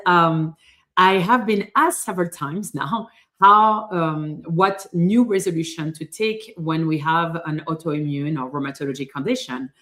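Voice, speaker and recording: A middle-aged woman from France with a French accent, a rheumatologist talking live to her viewers, hesitant with many fillers and restarts. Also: on the low side. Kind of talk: live-stream talk to viewers.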